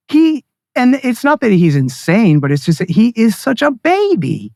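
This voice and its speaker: A man's voice: very high voice, huge pitch swings, moderate pace, vocal fry, darkish tone, dry recording, studio quality. A man speaking as a guest in a political interview, ranting with sarcasm and scorn. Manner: mocks others in put-on voices. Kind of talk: heated political interview talk.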